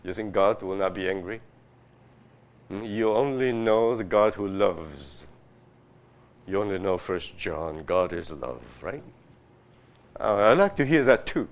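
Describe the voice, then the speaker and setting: A man preaching a sermon, reading scripture aloud and pressing his listeners with rhetorical questions in a slow, emphatic way. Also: lowish voice, animated. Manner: reads scripture aloud with rising force. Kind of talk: sermon, Bible exposition.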